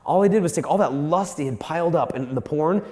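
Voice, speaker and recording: A man giving a storytelling talk to a live audience, animated and acting out the voices he quotes. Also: on the high side, brisk. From United States. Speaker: speaker. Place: large hall with an audience. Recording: echoey hall.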